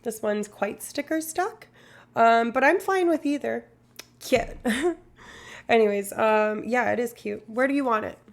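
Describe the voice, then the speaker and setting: A woman's voice: on the high side, unhurried. A woman streamer in rambling, casual live-stream chat, swearing now and then.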